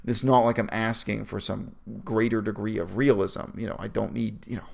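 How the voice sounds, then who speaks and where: A man with a gravelly voice, talking fast and opinionated in a casual review chat. He turns sarcastic often and is close to the mic. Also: lowish voice, fairly even intonation, darkish tone. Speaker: video reviewer. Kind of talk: casual analytical discussion.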